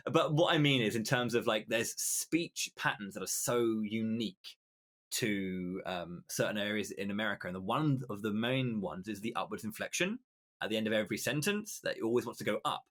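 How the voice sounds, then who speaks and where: British man, lowish voice, podcast guest, explanatory, restarts phrases. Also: animated, moderate pace, a bit bright. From Britain. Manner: explanatory, restarts phrases while thinking aloud. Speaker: guest commentator. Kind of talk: casual podcast interview.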